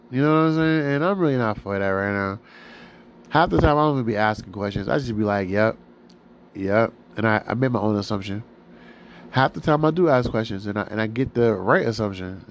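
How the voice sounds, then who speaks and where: A man's voice: medium pitch, highs cut off. A man hosting a solo podcast episode, venting in a profane, exasperated rant. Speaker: podcast host.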